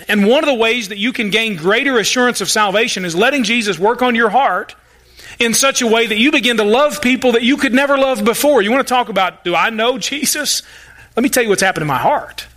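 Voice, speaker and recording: A man delivers a Sunday sermon in a fairly high, bright voice. He preaches in a folksy, emphatic way and slips in playful, sarcastic asides to the congregation. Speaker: pastor.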